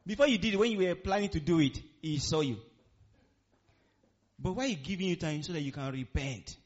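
A man's voice: a little high, brisk, darkish tone, muffled recording. A man preaching a sermon to a congregation, asking the room questions and repeating key phrases for emphasis. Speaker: pastor. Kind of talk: interactive sermon.

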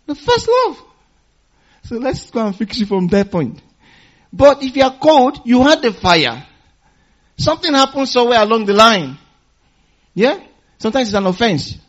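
Husky, animated man preaching a sermon. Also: extremely high pitch. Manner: call-and-response preaching, asking the congregation to finish phrases; storytelling with chuckles. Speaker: pastor. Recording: dull lo-fi recording.

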